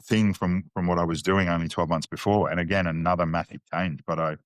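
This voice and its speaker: A man's voice: sits low, steady tone, a little fast, no room sound. A man with an Australian accent, a podcast guest telling candid, slangy stories with frequent restarts. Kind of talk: casual interview chat.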